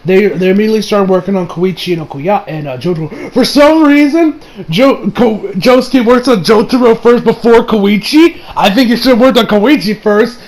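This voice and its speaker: A man's voice: sits high, normal speed, darkish tone, low-quality recording. A man recapping an anime episode in a casual, rambling way, with frequent restarts and laughter. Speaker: anime reviewer.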